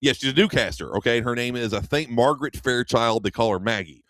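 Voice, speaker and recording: A man co-hosting a radio show talks fast in a mid-range, fairly bright voice, casually retelling a movie plot. He rambles as he tells it and acts out the characters' quoted lines. The studio recording is dry.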